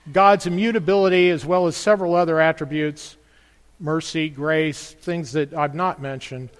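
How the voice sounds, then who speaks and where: Male pastor, sermon, high voice, long hall reverb, earnest rhetorical questions.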